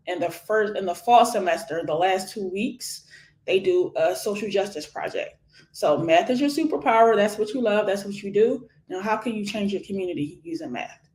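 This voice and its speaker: Woman, forties, from Philadelphia, animated guest talk, laughs a lot, roomy echo. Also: mid-range voice. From Philadelphia, USA. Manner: energetic and animated, laughs often. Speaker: education nonprofit founder, guest. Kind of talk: conversational interview. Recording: echoey room.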